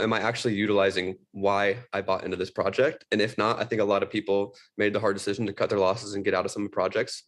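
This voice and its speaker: Male panelist, brisk pace, low-ish voice, earnest explainer. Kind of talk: virtual panel discussion.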